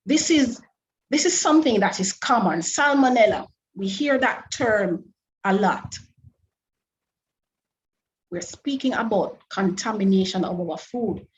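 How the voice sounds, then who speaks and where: A woman's voice: mid-range voice, lively intonation, slight background noise, low-quality recording. A woman presenting an online food safety lecture, asking her audience many rhetorical questions and restarting phrases as she explains. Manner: careful, deliberate explaining with frequent restarts. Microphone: online webinar microphone.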